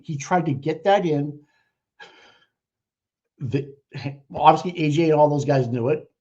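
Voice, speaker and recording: A man's voice: a little high, measured pace, long pauses, a little mellow. Profane, mocking male livestream host. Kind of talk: live commentary over trial footage. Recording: muffled lo-fi audio.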